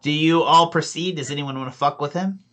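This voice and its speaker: A man's voice: on the high side, fairly quick, bright, forceful tone. A man narrating as dungeon master, rambling with fillers and restarts. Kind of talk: narrating a tabletop game.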